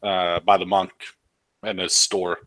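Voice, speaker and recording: Man, game player, hesitant, low pitch, bright tense tone. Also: flat delivery, slow pace, dry recording. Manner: hesitant, many fillers. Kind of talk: tabletop game play.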